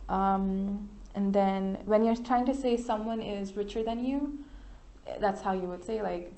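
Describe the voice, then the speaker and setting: Woman tutor, mid pitch, patient explaining, lots of ums. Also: fairly even intonation, a little slow, warm tone, a little hiss or hum. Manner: patient, explanatory, many fillers. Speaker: English discussion tutor. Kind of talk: spoken feedback to a study group.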